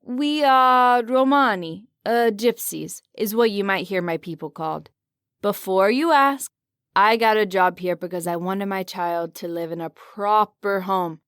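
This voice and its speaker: A woman's voice: medium pitch, measured pace, fairly bright tone, clear, resonant tone, no echo, studio quality, close to an everyday voice. A woman reading a friendly Italian-accented guard. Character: young adult man, friendly Romani guard. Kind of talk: audiobook character reading.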